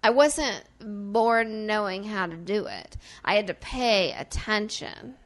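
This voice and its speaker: A woman from small-town Illinois talking about acting in a casual conversation, emphatic and full of "like"s. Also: medium pitch. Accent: southern Illinois, softened by accent training. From small-town Illinois, US Midwest. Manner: animated, emphatic, rapid run-on talk with many "like"s. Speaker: actor and guest.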